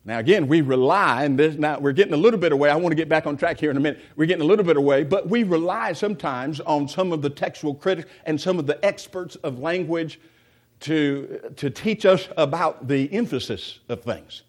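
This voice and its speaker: A man's voice: fairly high pitch, fairly quick. Conversational preacher man asking questions. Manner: conversational, asks the congregation questions; many restarts and repeated words. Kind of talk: sermon.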